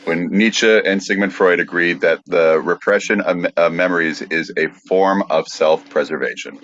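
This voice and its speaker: Man, podcast host, very low voice, dry steady delivery, dull lo-fi sound. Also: normal speed. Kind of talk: casual comedy chat.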